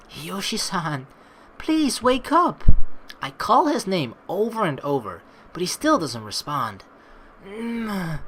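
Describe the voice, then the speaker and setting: A woman reading a visual novel aloud in an expressive way, adding her own asides. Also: deep voice, slight background noise. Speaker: game player reading aloud.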